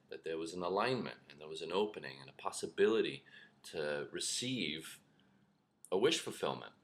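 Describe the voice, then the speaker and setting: A middle-aged man telling a personal story to camera as a spiritual teacher, animated, acting out shouts and whispers. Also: fairly low pitch. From lives in New York.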